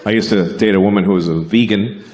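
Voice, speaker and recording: A man doing a stand-up comedy set, delivering deadpan and acting out voices. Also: fairly low pitch, quick pace. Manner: deadpan, acts out voices in quotes. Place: theater stage before a live audience. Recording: live show with crowd noise and laughter.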